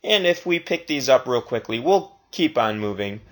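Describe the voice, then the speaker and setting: In a mid-range, animated voice, a man teaches a recorded Spanish lesson. He goes slowly and deliberately, repeating every phrase twice.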